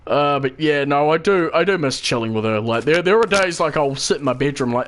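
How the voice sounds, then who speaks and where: A man's voice: fairly high pitch, expressive, fairly quick, few pauses. A man with a New Zealand accent rambling casually to his vlog audience, full of filler and restarts. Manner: meandering, full of "you know" and restarts; swoops into silly voices when telling stories. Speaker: vlogger.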